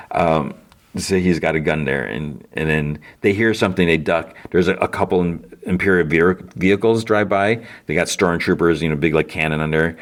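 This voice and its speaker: Low-voiced man rambling through a recap. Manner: rambling, full of fillers and self-corrections. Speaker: podcast host. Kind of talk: casual episode recap.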